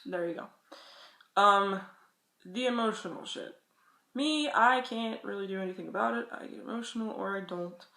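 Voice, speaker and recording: A woman's voice: mid-range voice, normal speed, pushed and bright. A young woman vlogging casual advice, rambling and chatty and swearing freely. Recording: echoey room.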